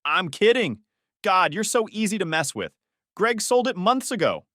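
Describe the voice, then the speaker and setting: A man's voice: high-pitched, big pitch swings, normal speed, pushed and bright, no echo, studio quality, pitched above the performer's own voice, heavily acted. A man voicing a cruel teenage stepsister who taunts and mocks. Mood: mocking. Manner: taunting, smirking.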